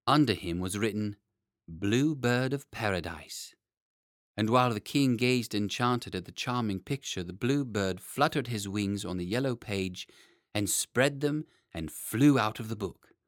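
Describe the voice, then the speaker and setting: A man narrating a children's story in an expressive, playful way. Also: fairly low pitch, normal speed, no echo, clean studio sound. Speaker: audiobook narrator.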